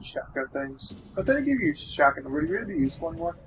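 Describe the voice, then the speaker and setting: A man's voice: a little high, fast talker, vocal fry, slight background noise, poor audio. A man joking along during casual video game commentary. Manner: lively, joking. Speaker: let's play co-commentator.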